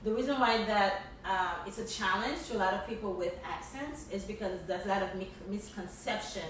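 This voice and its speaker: A woman's voice: medium pitch, a little fast, fairly bright tone. A woman co-hosting a casual podcast, speaking earnestly and with emphasis and often restarting her words. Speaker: podcast co-host. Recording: echoey room, distant mic, faint hiss.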